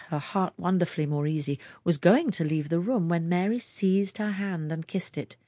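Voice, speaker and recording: A woman narrating a story aloud in a lively storytelling manner. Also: on the low side, husky, no room sound, clean studio sound. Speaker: audiobook reader. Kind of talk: scripted narration.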